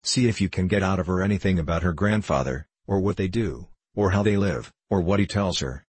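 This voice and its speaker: A man's voice: sits low, brisk, darkish tone, husky, no echo. A man doing a sly, menacing dwarf. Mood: threatening. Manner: sly, menacing, hissing orders. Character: cunning, cruel male dwarf husband.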